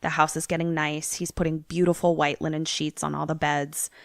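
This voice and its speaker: A woman podcast co-host in casual chat, telling a horror film's plot in an animated way and acting out the characters. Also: sits low, brisk, creaky, no room sound, clean studio sound. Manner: animated storytelling, acts out the characters.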